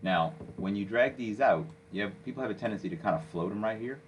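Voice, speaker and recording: A man walking a listener through software step by step, coaching and checking in with "okay?" as he goes. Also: lowish voice, fast talker, lo-fi sound, a little hiss or hum. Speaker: software instructor. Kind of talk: screen-recorded software tutorial.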